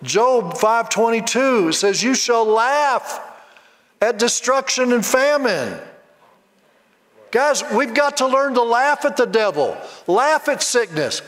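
High-voiced man preaching in a reverberant hall. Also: expressive, slow pace, a bit bright. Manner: leads the congregation in call-and-response and rhythmic mock laughter; emphatic preaching, repeats phrases. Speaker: Bible college teacher preaching. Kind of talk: sermon. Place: large church hall before a congregation. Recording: long reverb of a large hall.

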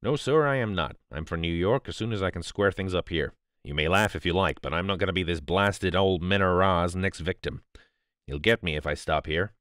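A nervous young American man, blunt and agitated, his voice pushed up a little higher, as a male reader puts him on. Close, dry sound. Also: a little fast, fairly bright tone, no echo. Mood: scared.

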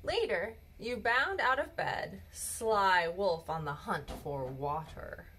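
Slow, expressive woman reading a bedtime story. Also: medium pitch, slight background noise. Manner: slow, gentle, expressive read-aloud voice. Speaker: children's story reader. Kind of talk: storybook read-aloud.

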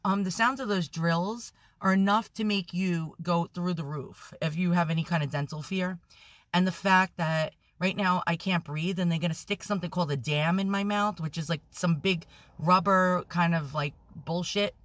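A woman vlogging on her phone from inside a parked car, rambling anxiously, swearing a lot and talking loudly when nervous. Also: on the low side, moderate pace, dry recording. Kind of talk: nervous selfie vlog.

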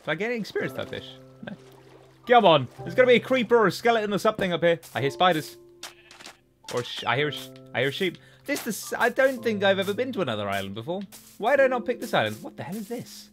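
A young man giving casual Let's Play commentary, chatty and talking to the game animals, with sudden excited outbursts. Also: sits high, quick pace, soft background music. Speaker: gaming YouTuber.

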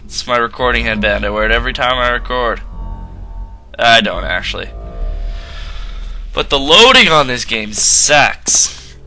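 Slow-talking man narrating a horror game. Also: mid-range voice, animated, creaky, bright, forceful tone. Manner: jumpy, easily startled, rambling. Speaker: gaming channel host. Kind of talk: casual horror game commentary. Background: game music.

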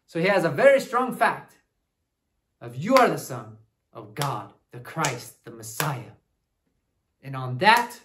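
A man's voice: on the high side, heavily acted. A man doing Tourist Tim, a goofy bouncing cousin. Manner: animated, talks straight to kids with frequent "right?". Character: goofy traveling male cousin, chatty and upbeat. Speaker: children's Bible teacher. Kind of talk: children's ministry lesson in character.

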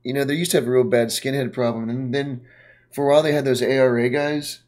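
A man of middle pitch rambles through casual podcast talk. He swears constantly and leans on fillers. His voice often trails off into quiet mumbles. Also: steady tone, fast talker. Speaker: podcast co-host, punk singer. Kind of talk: casual chat.

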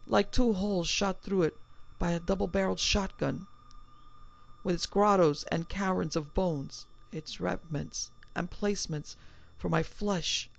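A woman's voice: fairly low pitch, fairly even intonation, a little slow, creaky. A woman voicing an anxious middle-aged man in a panic, with a strained, agitated delivery. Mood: horrified. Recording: slightly dull, dry recording.

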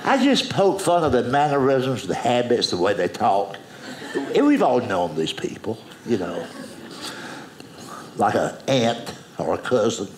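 A man performing stand-up, his drawling pitch swinging widely from line to line. The stage sound is roomy and echoing. A loud audience fills the space behind him. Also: big pitch swings, a little slow, background noise. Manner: drawling storyteller, jumps high into put-on voices. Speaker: stand-up comedian. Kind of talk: stand-up comedy set. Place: theater stage with audience laughing.

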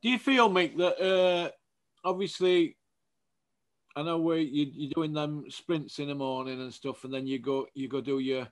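A man hosting his channel, asking a boxer loose, informal questions. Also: medium pitch. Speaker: interviewer, channel host. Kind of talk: casual interview.

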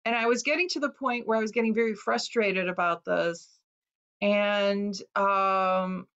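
A woman from Chicago, an author giving a talk, recounting a personal story in an earnest, emotional way with hesitant pauses. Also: medium pitch, fairly even intonation, a bit bright, highs cut off. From Chicago, USA.

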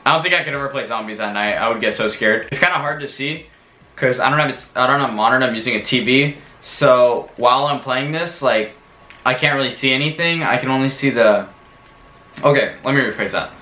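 A man giving casual gaming commentary, excitable and rambling, yelping and shouting when scared, recorded in a room at home. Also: mid-range voice, a little fast, reverberant. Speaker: gaming vlogger.

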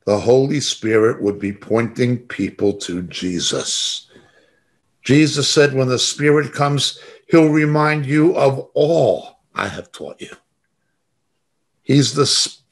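Speaking in a mid-range voice, a middle-aged man teaches Bible study on a video call. Verses of scripture are read out loud, each followed by his emphatic remarks.

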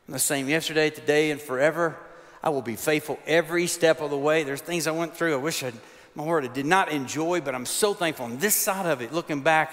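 A man's voice: a little high, fairly bright tone. Man preaching in a reverberant hall. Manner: folksy, humorous storytelling. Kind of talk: chapel sermon.

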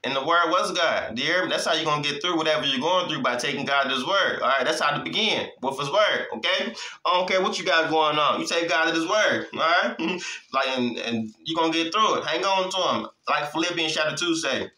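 Bright-voiced casual male preacher. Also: a little high, lively intonation, fairly quick, reverberant, low-quality recording. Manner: street-casual, repeats lines and checks in with "hmm?"; laughs often between points. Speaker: Bible teacher. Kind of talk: informal preaching.

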